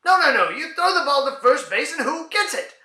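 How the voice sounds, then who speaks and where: A man voicing a patient, matter-of-fact man who calmly insists while explaining the team's names, in a comedy dialogue reading. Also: brisk, echoey room, exaggerated voice. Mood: insistent. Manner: calm, insistent, lower register.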